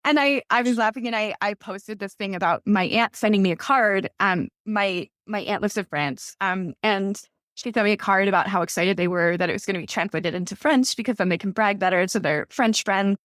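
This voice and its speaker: Speaking at a fairly quick pace, this thirty-something woman author tells stories in a relaxed podcast interview, leaning heavily on the filler "like." Her pitch is medium and her tone fairly bright, captured in a dry, clean studio recording.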